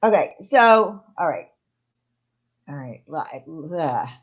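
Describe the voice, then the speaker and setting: A woman's voice: sits low, very animated, takes it slowly, husky. Woman host, casual livestream chat, rambling, full of fillers, slightly dull lo-fi audio. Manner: rambling, with many fillers and restarts. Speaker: channel host.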